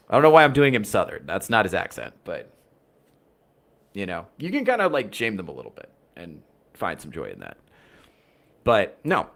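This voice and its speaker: A man's voice: deep voice, wildly swooping pitch, brisk, creaky, fairly bright tone. A man hosting a casual livestream podcast, rambling through viewer chat in a wry, profane way. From United States. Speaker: podcast host reading chat.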